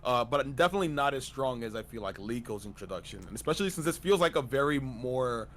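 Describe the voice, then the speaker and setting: A man in casual conversation, talking at a medium pitch. He rambles and restarts his sentences, padding them with fillers. A faint background hiss sits under the recording. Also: lively intonation, fast talker. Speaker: guest on a streamed anime discussion. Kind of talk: casual chat.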